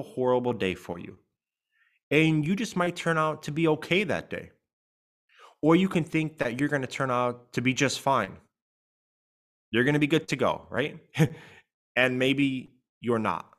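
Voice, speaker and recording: A man's voice: medium pitch, a bit bright. A man co-hosting a grief podcast, his voice rising and falling a lot as he leans on the words that matter. He speaks earnestly and emphatically, in a plain conversational podcast style. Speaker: podcast co-host, grief coach.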